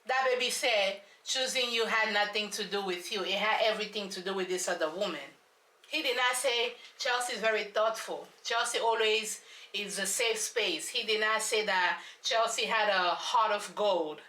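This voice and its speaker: A woman's voice: medium pitch, moderate pace, bright, forceful tone, recorded from a distance. A woman vlogger giving a casual, sassy recap of a reality show, dramatic and repeating lines for emphasis. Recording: echoey room, voice off-mic.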